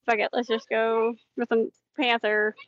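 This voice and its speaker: A woman playing a tabletop role-playing game, giggly, swearing and thinking out loud. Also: a little high, little pitch movement, unhurried, no room sound, highs cut off. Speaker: player. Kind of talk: casual tabletop game play.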